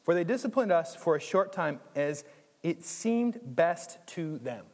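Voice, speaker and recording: A man preaching a sermon in a church, conversational and animated, with jokes and asides. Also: on the high side, unhurried, long reverb tail. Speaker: pastor.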